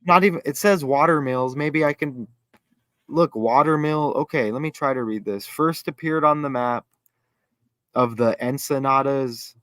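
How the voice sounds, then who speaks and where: A man hosting a casual livestream chat, excitable and rambling, thinking aloud as he reads. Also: medium pitch, no echo. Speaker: host.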